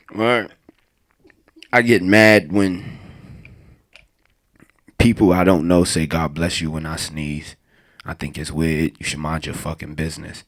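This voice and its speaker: Performing stand-up, a young man rambles through crude material and frequently cracks up at his own jokes. His voice is deep and low with a gravelly edge, carrying a fairly bright tone.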